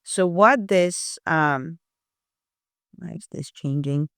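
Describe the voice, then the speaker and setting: A woman's voice: low-pitched, slow pace, vocal fry, a bit bright, dry recording, studio quality. A woman teaching copywriting who thinks aloud in a casual, chatty way, checking in often with "right?" and "you know". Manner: thinks aloud while analyzing text. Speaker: copywriting instructor. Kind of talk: casual screen-share walkthrough.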